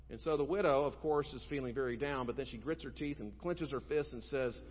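A male pastor preaching a sermon, telling stories emphatically and moving between loud and quiet. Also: medium pitch, a little fast, hardly any pauses. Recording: dull sound with long hall reverb.

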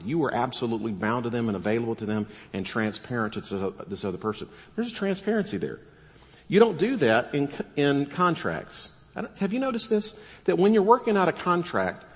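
A man preaching with animated energy, mid-pitched and lively, asking the room rhetorical questions and slipping into voices for the people he quotes. His voice rings out in a large hall with a long reverb tail. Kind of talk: sermon.

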